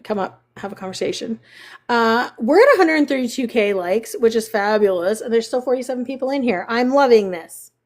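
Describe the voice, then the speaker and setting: A woman hosting a casual live stream, chatting with viewers and cooing at her dogs in a high baby voice. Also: lively intonation, a little fast. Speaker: livestream host.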